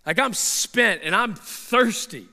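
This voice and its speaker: Speaking slowly, a preacher tells an animated story during his sermon, stumbling over repeated words. The voice is high and bright, echoing with the long reverb of a big hall.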